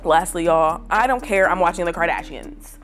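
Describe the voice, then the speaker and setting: Animated gossiping woman vlogger. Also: fairly low pitch, normal speed, soft background music. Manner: animated, slangy and dramatic, with many fillers. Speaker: vlogger giving pop culture opinions. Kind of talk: casual gossip chat to camera.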